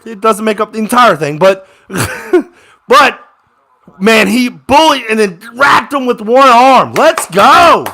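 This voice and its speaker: A young man reacting to a game as it plays out, talking like a fan on the couch. His voice is bright and lively, rising high and sharp when a play goes his way, then sinking back into muttered complaints. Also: a little slow, some chatter behind. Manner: excitable, swings from grumbling to shouting with plays. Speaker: fan commentator watching a live game. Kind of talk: casual live game reaction commentary.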